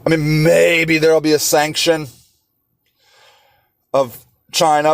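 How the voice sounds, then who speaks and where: Slow, impassioned man with a dry voice. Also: a little high, level tone, creaky, no room sound. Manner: impassioned, sarcastic rhetorical questions; halting, many fillers and restarts. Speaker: podcast host. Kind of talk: solo podcast monologue.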